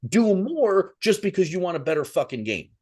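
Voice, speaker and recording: A man co-hosting a podcast in loose, casual chat. He rants with heat and swears constantly, and his voice is a little high for a man. His pitch swings widely as he works himself up. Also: big pitch swings, moderate pace, a little mellow. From Italian-American. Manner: heated, profane, ranting. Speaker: podcast co-host.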